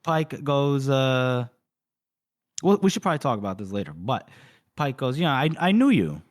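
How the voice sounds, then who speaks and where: A man's voice: mid-range voice, sing-song, normal speed. A man co-hosting a podcast, casually retelling a book's chapter with lots of fillers and quoted dialogue. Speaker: podcast co-host. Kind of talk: casual book recap.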